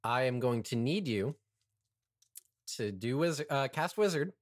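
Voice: mid-range voice, lively intonation, a little slow, no room sound, clean studio sound. A game master narrating a live tabletop game, describing scenes casually through laughter.

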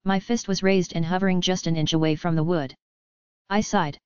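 A woman reading first-person audiobook narration at an even, unhurried pace. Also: lowish voice, clear, resonant tone, dry recording, highs cut off.

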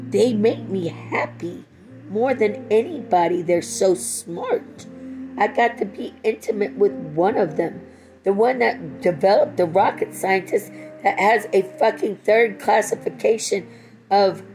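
A woman's voice: medium pitch, rough recording. A middle-aged woman in a rambling personal monologue, profane and swinging between tender and angry.

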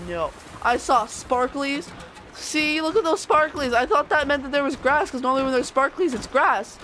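Excitable woman narrating her gameplay. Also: high-pitched, normal speed, a little hiss or hum. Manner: excitable, talks to enemies, voice shoots up when panicked. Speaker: gameplay streamer. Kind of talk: let's play commentary.

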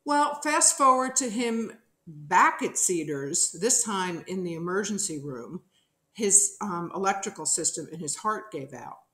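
A middle-aged woman from New Jersey, a podcast guest telling a story in a lively, animated way and acting out the people in it. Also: lowish voice, measured pace. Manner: animated storyteller who acts out quotes. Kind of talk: casual storytelling interview. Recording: roomy echo.

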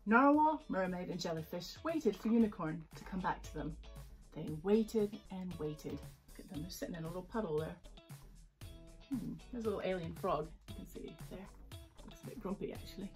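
A woman reading her children's picture book aloud, animated, with chatty asides to young listeners. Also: lowish voice.

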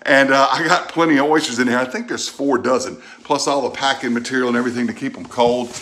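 A man's voice: mid-range voice, fast, a little hiss or hum. A middle-aged man from Louisiana with a Southern accent, chatting folksily while unboxing and tasting food in his own vlog. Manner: folksy, chatty, animated outbursts. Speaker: food vlogger.

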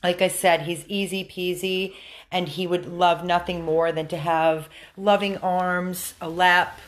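A woman's voice: lowish voice, level tone, a little slow. Earnest American woman pleading for a rescue dog. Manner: earnest, coaxing baby talk to the dog. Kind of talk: appeal video to viewers. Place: room at a dog rescue house.

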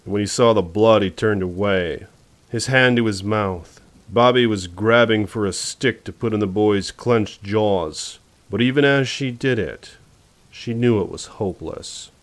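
Man, low voice, audiobook narration, measured, suspenseful. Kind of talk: novel reading.

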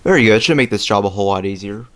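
A young man hosting a let's play, rambling casually with lots of fillers and throat clearing as he plays a strategy game. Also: on the low side, rapid-fire, fairly bright tone. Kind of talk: casual gameplay commentary. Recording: faint game music behind.

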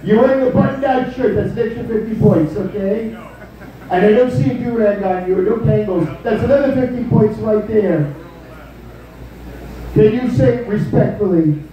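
A man's voice: high-pitched, normal speed, heavy reverb, distant mic, dull audio, natural voice. A man doing a live stand-up impression of a brash, boastful older male politician, rambling and tacking "okay?" onto his lines. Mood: boasting. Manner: rambling, bragging, repeats "okay?".

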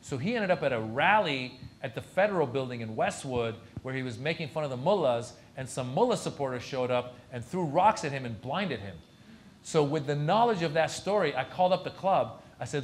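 A man's voice: mid-range voice, animated, a little fast, slight background noise. A man, a comedian, telling anecdotes at a lecture Q&A and acting out other people's lines. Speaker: comedian guest at a university lecture. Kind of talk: storytelling anecdote in a Q&A.

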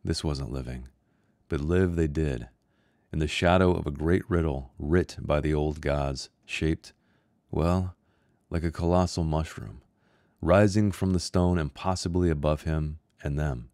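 A man who is an author reading his own short story aloud in a measured, somber way. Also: very deep voice, darkish tone, dry recording, clean studio sound. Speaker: author and host.

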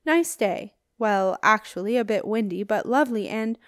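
A woman's voice: medium pitch, expressive, normal speed, no echo, studio quality, close to an everyday voice. A woman doing a flustered male wizard. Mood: nervous chatter. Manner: anxious, rambling. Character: flustered middle-aged male wizard, nervous.

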